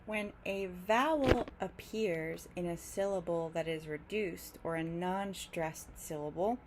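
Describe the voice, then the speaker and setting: A woman with a somewhat low voice teaches English pronunciation, speaking clearly and patiently. She stretches out example words to demonstrate them. A faint hiss sits under the recording. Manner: careful, drawn-out demonstration of words. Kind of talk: clear, slow teaching explanation.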